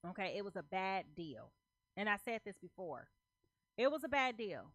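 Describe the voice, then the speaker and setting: A woman's voice: mid-range voice, big pitch swings, normal speed, dry recording. A woman giving a casual tarot reading, talking emphatically, repeating herself and checking in with her listeners in loose, slangy speech. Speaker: tarot reader.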